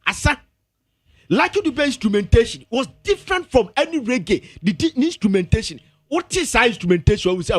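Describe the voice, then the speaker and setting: A man's voice: extremely high pitch, very animated, a little fast, dry recording. A man with a Ghanaian accent, a music pundit on a radio entertainment show. He argues emphatically and insistently, repeating himself to hold the floor. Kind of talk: heated entertainment-show debate. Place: radio studio.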